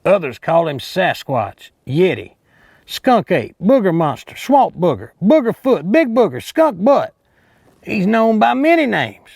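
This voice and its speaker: An actor playing a bumbling, boastful redneck Bigfoot hunter with an Alabama Southern drawl, rambling and cocky in a mock outdoor show. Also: male voice, high-pitched, sing-song, unhurried, vocal fry, a little mellow, no room sound, clean studio sound, exaggerated voice. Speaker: hunting show host character.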